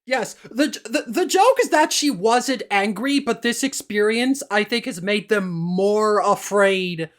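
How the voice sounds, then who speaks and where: A woman's voice: mid-range voice, expressive, unhurried, hardly any pauses. A woman co-hosting a podcast in casual chat, retelling a story with lots of restarts and stumbles. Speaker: podcast co-host.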